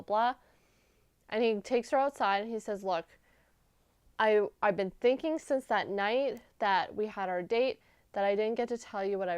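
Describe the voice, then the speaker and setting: A woman's voice: mid-range voice, clean tone, no room sound, clean studio sound. A young woman vlogger recapping a TV episode in a gushing, chatty way, full of "like"s. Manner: gushing, animated storytelling with many "like"s.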